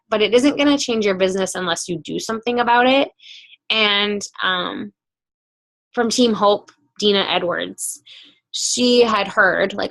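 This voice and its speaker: Chatty woman with a creaky voice. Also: mid-range voice, measured pace, pushed and bright. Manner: chatty, filler-heavy storytelling. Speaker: team coach hosting a call. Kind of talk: casual team call. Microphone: video call.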